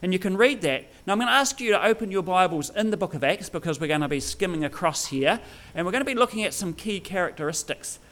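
A man's voice: high-pitched, lively intonation, quick pace, a bit bright. A man giving a sermon to his congregation, joking with them and teasing people by name. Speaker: pastor.

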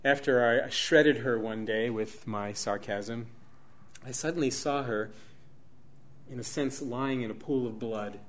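A middle-aged man preaching a sermon, swinging dramatically between hushed near-whispers and loud, emphatic peaks. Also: medium pitch, a little slow.

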